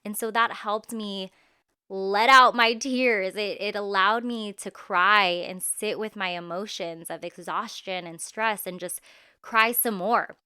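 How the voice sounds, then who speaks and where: A woman's voice: mid-range voice, fairly even intonation, slow, bright, forceful tone, clean tone, no room sound, clean studio sound. A woman, hosting her own podcast in a candid, chatty way, full of "like" fillers. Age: 30s. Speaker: podcast host. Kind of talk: casual solo podcast talk.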